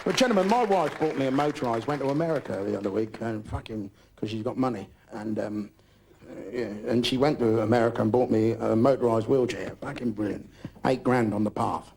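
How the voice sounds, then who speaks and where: A man's voice: mid-range voice, fairly quick, creaky, a little mellow. An older man from Britain doing a crude, rambling live stand-up routine, swearing constantly. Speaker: stand-up comedian. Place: live comedy club. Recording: noisy live recording.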